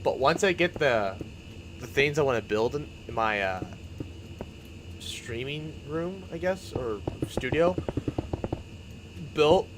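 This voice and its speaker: A young man talks casually while he streams, rambling from one plan to the next and laughing as he goes. His pitch swings widely and he restarts his sentences often. Faint noise sits under his desk mic. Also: animated, slow, long pauses. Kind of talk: casual chat while building in a game stream.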